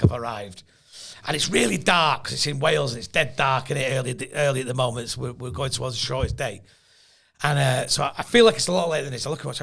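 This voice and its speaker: A man's voice: a little high, vocal fry. A man telling comic stories on a podcast, laughing often and doing voices for the people in them. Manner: animated anecdote-telling, laughs often, mimics voices in quotes. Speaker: podcast co-host, comedian. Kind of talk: casual storytelling chat.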